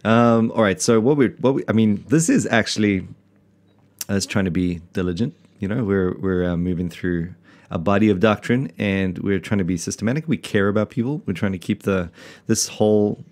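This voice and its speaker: A man's voice: lowish voice, moderate pace, darkish tone. A man from South Africa hosting a casual podcast, rambling and self-mocking with lots of fillers and restarts. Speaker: podcast host, pastor.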